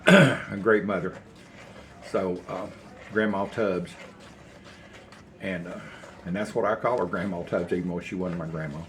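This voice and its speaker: A man's voice: deep voice, measured pace, pauses often, a bit bright, slight background noise. An older man, rambling folksy stories as he cooks in his home kitchen. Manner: rambling, folksy storytelling while cooking. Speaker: cooking channel host. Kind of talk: casual cooking vlog chat.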